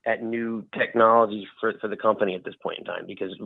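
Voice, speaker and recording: A man's voice: on the low side, fairly even intonation, quick pace, creaky, no room sound. A man in sales who is hurriedly brushing off a cold caller on the phone. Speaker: salesperson receiving a cold call. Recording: tinny dry phone line.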